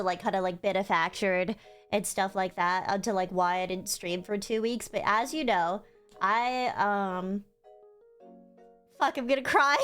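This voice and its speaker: A woman's voice: medium pitch, fairly bright tone. A young woman streamer telling a story in casual, rambling livestream chat, emotional and swearing freely. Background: faint music.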